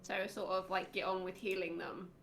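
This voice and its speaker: A woman's voice: lowish voice, flat delivery, normal speed, fairly bright tone, faint music behind. A woman playing a tabletop game, describing her character's moves hesitantly with many fillers. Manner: hesitant, lots of "like" and "literally". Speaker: player. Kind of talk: casual tabletop play.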